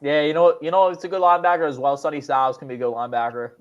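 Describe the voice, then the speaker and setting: A young man hosting a casual call-in sports talk show, halting and repeating himself often. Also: a little high, steady tone, lo-fi sound. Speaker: host.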